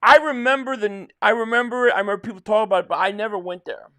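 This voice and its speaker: A man's voice: high voice, quick pace, fairly bright tone. A man from South Jersey hosting a live stream, chatting casually and rambling as he answers viewer comments, with frequent restarts. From South Jersey, near Philadelphia.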